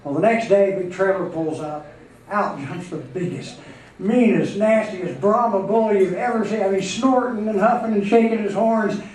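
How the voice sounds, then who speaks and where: A man's voice: high voice, normal speed, darkish tone. Man telling jokes on stage. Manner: folksy storytelling with acted voices. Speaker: comedian and emcee. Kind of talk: live stand-up joke telling. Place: live music club stage. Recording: echoey room, distant mic, faint noise.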